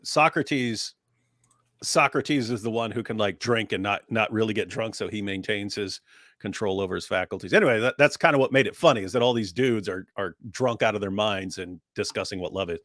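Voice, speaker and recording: A man's voice: lowish voice, fairly quick, a bit bright, no room sound, studio quality. A man co-hosting a casual livestream chat, joking and laughing often as he talks. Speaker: co-host.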